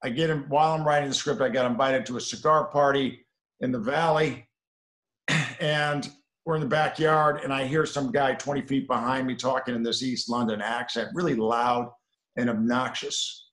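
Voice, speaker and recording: A middle-aged man, a film director, telling anecdotes in an interview and dropping to a low murmur on asides. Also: steady tone, normal speed, fairly bright tone. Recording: roomy echo.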